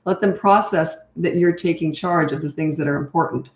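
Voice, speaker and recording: An older woman answers viewers' questions as a parenting coach, speaking casually and bluntly with lots of "um" and "you know". Her voice sits a little low for a woman. The room around her sounds echoey. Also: moderate pace. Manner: casual, chatty, direct, many fillers. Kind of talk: live Q&A, reading and answering comments.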